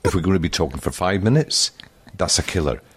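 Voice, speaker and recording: Very deep-voiced Scottish man, husky. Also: quick pace, dry recording. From Scotland. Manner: joking, deadpan, rambling. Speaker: podcast co-host. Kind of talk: casual chat. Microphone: handheld microphone.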